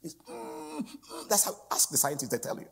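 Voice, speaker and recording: A man preaching a sermon as a guest speaker, swinging from loud, pleading outbursts down to hushed whispers. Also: a little high, lively intonation, rapid-fire, husky.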